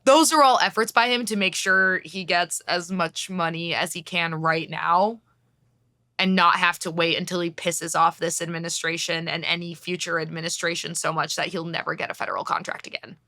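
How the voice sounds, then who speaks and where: A woman co-hosting a casual podcast, talking briskly and bluntly with casual swearing. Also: on the low side, steady tone, pushed and bright, no echo, studio quality. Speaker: podcast co-host.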